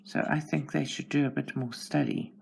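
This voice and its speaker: A very deep, gravelly voice, a little mellow with a breathy edge, belongs to a South African woman who hosts a channel from home. Holding a steady tone at a moderate pace, she chats to herself while coloring, narrating each step with self-deprecating humor.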